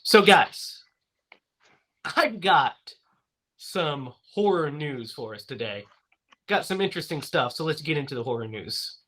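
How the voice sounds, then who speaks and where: Upbeat male podcast host, bright voice, casual chat, laughs easily. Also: a little high, very animated, unhurried, long pauses.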